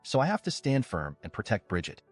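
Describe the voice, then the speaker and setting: A man narrating online stories aloud as a channel host, in an animated storytelling read. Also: on the low side, a little fast, faint music behind.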